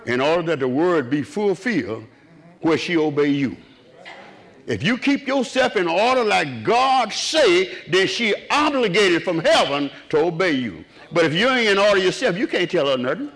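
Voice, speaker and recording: A man preaching a sermon, swinging from low, quiet murmurs up to raised cries. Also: sing-song, moderate pace.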